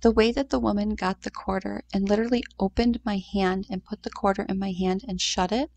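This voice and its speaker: A woman in her thirties telling a personal story in a heartfelt, conversational way, with short pauses and fillers. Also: medium pitch, steady tone, gravelly, a little mellow, slight background noise. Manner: heartfelt, conversational, acts out quoted voices. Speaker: mother sharing a grief story.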